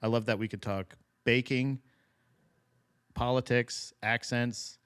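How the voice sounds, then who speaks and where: A man chats easily on a casual podcast, often laughing. He reacts to chat comments in a relaxed, friendly way. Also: medium pitch, slow pace, clean tone. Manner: laid-back, laughs often, reads chat comments aloud. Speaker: podcast co-host.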